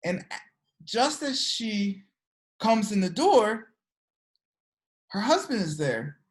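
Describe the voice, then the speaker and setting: Speaking slowly in a sing-song, mid-range voice, this energy work teacher tells her class a story. She often stops to ask her students "okay?" to make sure they're following.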